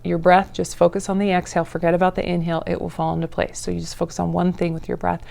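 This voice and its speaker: A woman teaching a yoga breathing practice in a casual, encouraging way, with playful asides and breathy demonstration sighs. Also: fairly low pitch, little pitch movement, darkish tone. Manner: breathy sighs and drawn-out ahs while demonstrating. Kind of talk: guided yoga class instruction.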